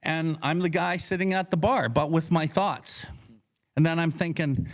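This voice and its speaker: Brief: male podcast co-host, fairly high voice, blunt and profane, teaches casually and acts out his inner voice. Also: fairly even intonation, moderate pace. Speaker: podcast co-host leading a recovery book study.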